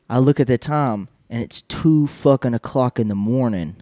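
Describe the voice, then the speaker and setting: A young man spins a rowdy late-night story, cracking himself up and cursing as he voices each person in it. His voice sits at an ordinary pitch and sounds dry and close, with no room echo. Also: normal speed, few pauses. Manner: laughing, profane, animated retelling. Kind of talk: casual storytelling.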